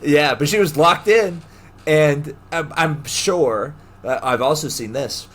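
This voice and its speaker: A young man co-hosting a podcast, telling stories in casual chat, animated, laughing often and acting out the people he quotes. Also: a little high, slow. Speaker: podcast co-host.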